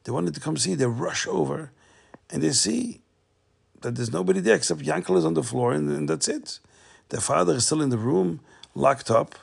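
A man telling a Hasidic tale, animated and repeating phrases for suspense. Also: a little high, normal speed, vocal fry, slightly rough. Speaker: storyteller.

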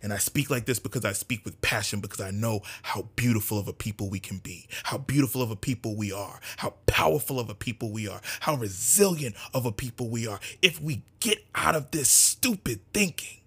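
A man speaks to his community in an impassioned monologue, his voice husky and middle-pitched. He drives his points home with fervent repetition, rising to forceful emphasis and dropping to near-whispers. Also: fairly quick, few pauses.

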